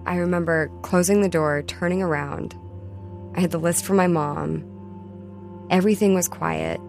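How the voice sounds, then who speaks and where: A woman, telling her memories in a halting, reflective way for a recorded oral history. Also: on the low side, steady tone, vocal fry, a little mellow, faint music behind. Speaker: wildfire survivor.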